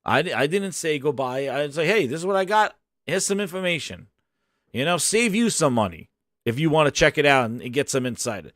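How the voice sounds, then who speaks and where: A man hosting a casual live stream, hyped and shouting out viewers, his voice hoarse after a long day. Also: on the high side, big pitch swings, a little fast, no echo, clean studio sound. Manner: hyped, shouts out chat names.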